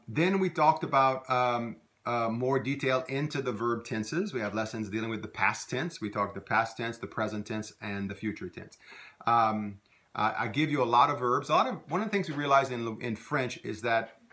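A man's voice: mid-range voice, a bit bright. A man teaching a casual language lesson, rambling with many fillers and restarts. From Louisiana.

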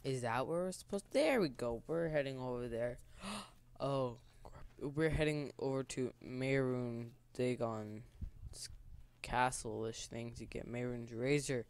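A man's voice: medium pitch, steady tone, unhurried, clean tone. A man giving casual gameplay commentary in nervous, rambling remarks. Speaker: gamer.

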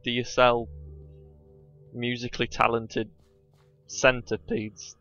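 A man co-hosts a let's play, bantering casually in a mid-range, fairly bright voice with a flat delivery and slow pace. He jokes around, laughs often at his own jokes and puts on silly voices, all in dull lo-fi sound with faint music underneath.

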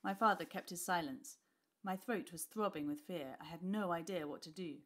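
A woman teacher reading a class novel aloud with expressive storytelling. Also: fairly low pitch, normal speed.

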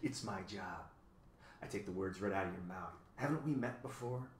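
A man's voice: low-pitched, moderate pace, pitched below the performer's own voice, lightly acted. A man voicing a pesky, dirty male bird who cackles and twists everyone's words, in a roomy recording.

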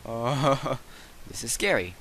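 A teenage boy giving casual gameplay commentary at his computer, cursing and yelling in sudden frustrated outbursts. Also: medium pitch, lively intonation, slow, a little hiss or hum, low-quality recording. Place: bedroom at a computer.

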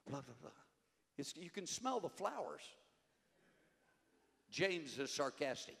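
Older man preaching with lively pitch. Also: a little slow, vocal fry, pauses often. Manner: fervent, rising to shouts then dropping low. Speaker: conference preacher. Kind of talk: sermon. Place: church sanctuary. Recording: long hall reverb, faint music behind.

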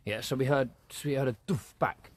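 Husky-voiced Essex man in a churchyard at night. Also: medium pitch, fairly quick. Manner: excitable, swears, slangy banter. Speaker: paranormal investigator. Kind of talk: casual ghost-hunting vlog.

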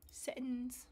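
A woman livestreaming and playing games, chatting casually, swearing freely and swinging from quiet mumbles to loud screams. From Australia. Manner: swears freely, self-mocking. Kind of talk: casual streaming chat.

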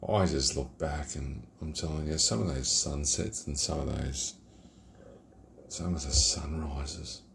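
A man's voice: very deep voice, a little slow, vocal fry, fairly bright tone, a little hiss or hum. A middle-aged Australian man reviewing beer in a casual vlog, rambling and reflective and swearing freely. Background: geckos and night ambience.

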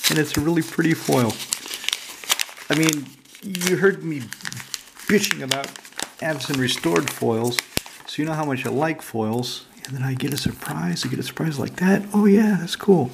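A man's voice: a little high, normal speed, creaky, noisy background. A man chatting casually and bluntly while opening his mail, rambling and swearing freely. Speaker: card collector opening mail. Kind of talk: casual chat.

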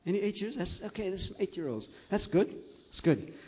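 A man telling a story to a group of children in a large hall, gentle and coaxing, often checking that they are listening. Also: high voice, very animated, a little fast, husky.

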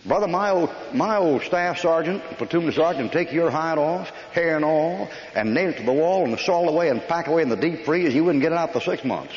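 An older man preaches in a long-echoing church hall, telling rough army stories in a blunt, folksy, scolding way. The recording sounds dull and dated, with faint hiss beneath the voice. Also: on the high side, animated, a little fast, few pauses. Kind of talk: sermon.

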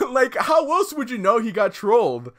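A man giving comedic commentary on gaming clips in a sarcastic tone. He slides from dry remarks into loud, high outbursts, and his pitch is lively throughout. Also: unhurried.

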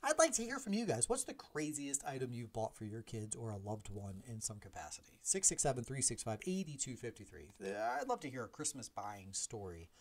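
A podcast host in his forties tells a personal story in a casual, animated way, acting out dialogue and making self-deprecating asides. His mid-range voice moves fairly quickly with few pauses.

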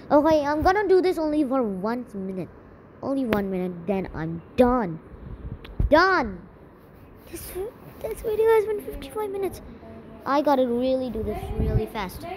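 A woman chatting casually while playing a game, exasperated and talking to herself, with music playing loudly behind her. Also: fairly high pitch, slight background noise, poor audio. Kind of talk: casual gaming and reaction chat. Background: game and video music.

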